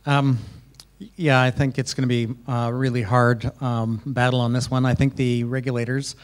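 Man, panelist, mid pitch, flat delivery, reflective. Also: moderate pace. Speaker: lending panelist. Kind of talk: panel discussion.

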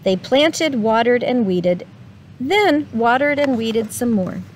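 Woman slowly reading a storybook aloud. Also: fairly high pitch, slight background noise. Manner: slow, expressive reading with questions to listeners. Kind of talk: reading a picture book aloud.

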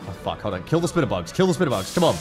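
A man with an Australian accent giving excitable, casual commentary while playing a strategy game, swearing freely and yelling at his units. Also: on the low side, very fast. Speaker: gaming streamer. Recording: commentary over game audio with music.

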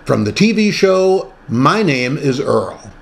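A man's voice: on the high side, big pitch swings, slow, gravelly. A man co-hosting a comedy review show, chatting casually and making playful jokes. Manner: playful, jokey asides. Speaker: co-host.

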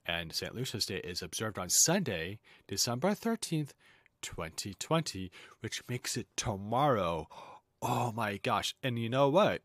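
Chatty man with a lively pitch. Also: no echo, studio quality. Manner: chatty, jokey asides, wanders off script. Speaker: host. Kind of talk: casual lesson, reading aloud.

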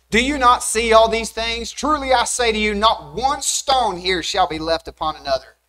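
Animated young preacher man, emphatic. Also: high voice, low-quality recording. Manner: animated, rising emphatic delivery with rhetorical questions. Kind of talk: sermon. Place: church sanctuary.

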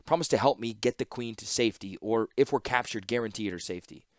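A man's voice: on the low side, fast, no echo, studio quality, natural voice. A man voicing a stern, tense male inventor's apprentice who speaks in terse, urgent lines in an audiobook-style fantasy reading.

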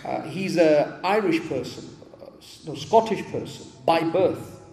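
A man's voice: a little high, lively intonation, a little slow, darkish tone. A man from England giving a storytelling sermon in a mosque hall, repeating key phrases for emphasis. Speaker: preacher. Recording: echoey hall with long reverb.

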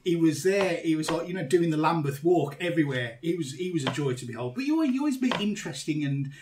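A man's voice: on the high side, animated, fast talker, recorded from a distance, background noise. A British man hosting a podcast, telling a holiday story in casual chat and laughing often. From Britain. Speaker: podcast host.

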